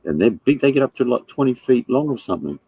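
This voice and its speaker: A man's voice: medium pitch, big pitch swings, quick pace, breathy edge, dry recording, narrow, tinny audio. An Australian man chatting casually, blunt and rambling, swearing freely. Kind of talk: casual chat.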